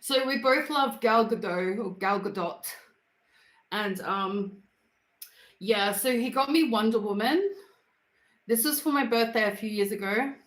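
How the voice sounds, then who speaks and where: An Australian woman runs a casual home livestream, playfully chatting with viewers in slang and moving into the kitchen. Her voice is on the high side and a bit bright, and she talks at a measured pace, pausing often. The recording has a roomy, home feel.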